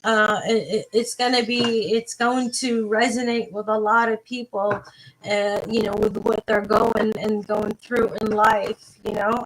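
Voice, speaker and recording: A woman's voice: mid-range voice, level tone, a little slow, background noise. A woman giving a live tarot reading, talking to her viewers in a rambling, playful, casual way and swearing now and then. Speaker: tarot reader.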